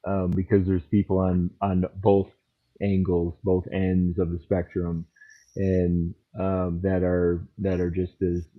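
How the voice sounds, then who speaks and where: A man who is a trauma counselor, co-hosting a podcast and speaking in a measured, reflective way with many pauses. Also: deep voice. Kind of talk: casual podcast chat. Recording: tinny phone-like line.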